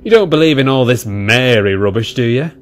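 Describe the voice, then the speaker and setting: A man voicing a blunt, practical male train driver who calls out briskly. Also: mid-range voice, expressive, slight background noise, natural voice. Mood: scoffing.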